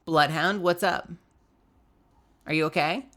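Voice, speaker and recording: A woman's voice: deep voice, takes it slowly, a bit bright. A young woman streaming live while sick and coughing, chatting casually and greeting viewers by name with frequent laughter.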